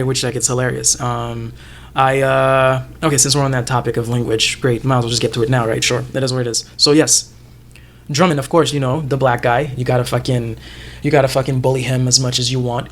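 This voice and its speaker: A man co-hosting a casual TV discussion podcast, animated and profane, laughing often and acting out characters' lines. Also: medium pitch, fast. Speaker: podcast co-host.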